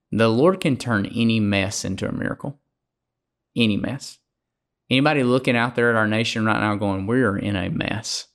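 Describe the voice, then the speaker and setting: A man from Alabama with a Southern accent, preaching as a podcast guest in a fervent, folksy way. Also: on the low side.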